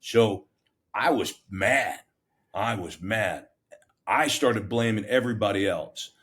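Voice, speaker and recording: Middle-aged man, lowish voice, fire captain telling stories, blunt and self-mocking, restarts a lot. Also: slow pace. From United States. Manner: animated, self-mocking, plain-spoken with many restarts. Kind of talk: casual interview storytelling.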